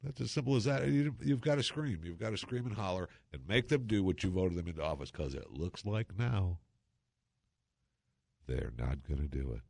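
A low-pitched man rambles through a talk-show monologue with a chatty, sarcastic edge. His voice sits in a dry, close space with no room sound around it, and he peppers his talk with exclamations and wry asides. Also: expressive, normal speed, gravelly, a little mellow, dry recording. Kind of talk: casual monologue.

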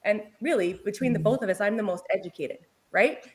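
A woman in her forties, a paramedic, telling a work story in casual chat, lively and often laughing. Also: medium pitch, brisk.

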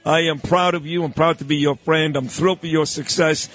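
A man's voice: fairly high pitch, steady tone, brisk, few pauses, a bit bright. A man hosting a morning radio show, heaping effusive, emphatic praise on his guest. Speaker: radio host.

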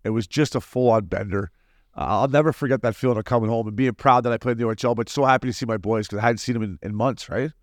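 A man in his forties, a former hockey player co-hosting a podcast, telling stories in a lively, casual way and acting out quotes. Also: mid-range voice, no echo, studio quality. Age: 40s. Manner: fast, animated storyteller who acts out quotes. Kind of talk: casual storytelling chat.

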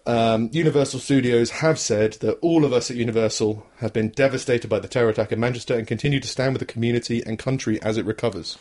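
A man's voice: medium pitch, quick pace, few pauses, a little mellow. A man co-hosting a podcast, talking in a wry, sarcastic way. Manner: wry, sarcastic, slips into mocking quoted voices. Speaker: podcast co-host. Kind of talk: casual chat.

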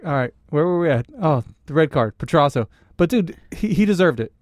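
Fast-talking, brash man chatting about sports. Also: fairly high pitch, lively intonation, no echo, studio quality. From Canada. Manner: brash, swearing, laughs often. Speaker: podcast co-host. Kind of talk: casual sports chat.

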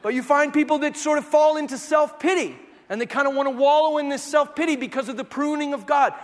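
A man in his thirties preaching a sermon, telling stories and acting out the voices in them, sometimes rising to shouts. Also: very high-pitched, fast, in a large hall. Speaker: pastor.

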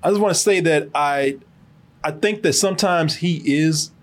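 A man hosting a casual movie review podcast, joking and animated, laughing often. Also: on the high side, moderate pace. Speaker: podcast host and film reviewer.

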